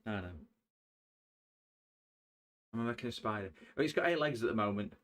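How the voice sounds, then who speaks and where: A man's voice: on the low side, animated, moderate pace, fairly bright tone. A middle-aged man streaming a repair, chatting jokily and rambling as he works. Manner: jokey, rambling, sings and hums to himself. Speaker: livestreamer repairing electronics. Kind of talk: casual chat while working.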